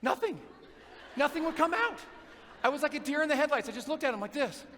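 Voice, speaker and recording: A man giving a motivational talk, telling a story and asking the audience questions in an animated way. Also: very high voice, fast. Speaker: motivational speaker. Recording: long reverb of a big hall, faint noise.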